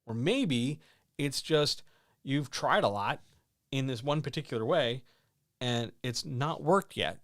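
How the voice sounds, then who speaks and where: A man's voice: medium pitch, lively intonation, takes it slowly, a bit bright, no room sound, clean studio sound. A man hosting a live-stream advice show for writers, talking blunt and joking, straight to the listener. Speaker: host answering writing questions.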